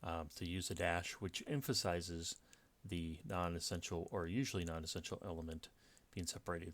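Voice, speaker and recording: A man's voice: sits low, flat delivery, normal speed. A man giving a step-by-step lecture on punctuation from slides, with frequent fillers and restarts. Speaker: writing teacher. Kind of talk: slide-based grammar lecture.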